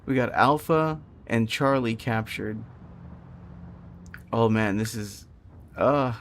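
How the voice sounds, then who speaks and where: A young man streaming a naval battle game, reacting in excited bursts of live commentary. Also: mid-range voice, slow, slight background noise.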